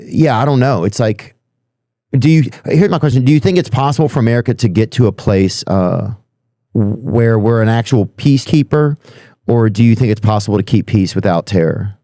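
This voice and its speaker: Man, podcast host, hesitant, rambling, mellow dark voice, dry sound. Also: mid-range voice, moderate pace, no echo. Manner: hesitant, rambling, many fillers. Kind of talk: casual interview chat.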